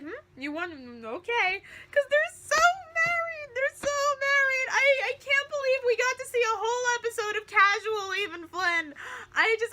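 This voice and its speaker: Woman, fan review vlog, very high voice, giggly, gushing, breathless. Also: pushed and bright. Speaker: TV episode reviewer.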